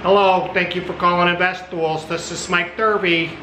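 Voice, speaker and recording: A man's voice: high voice, flat delivery, moderate pace, bright, forceful tone, voice pushed up. A man doing a prim phone receptionist. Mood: polite. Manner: formal, singsong phone greeting. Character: overly polite male office receptionist answering the phone. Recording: echoey room with background noise.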